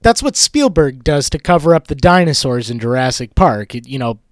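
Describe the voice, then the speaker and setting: A man's voice: mid-range voice, big pitch swings, normal speed, no room sound, studio quality. A man co-hosting a movie podcast, talking about a film in a sardonic, profane, casual way. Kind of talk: casual movie review chat.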